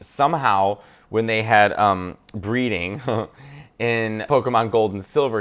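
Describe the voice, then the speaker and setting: A man chatting casually and animatedly while ranking a list, now and then breaking into squeaky voices. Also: fairly bright tone. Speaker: comedian ranking Pokémon. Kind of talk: casual chat.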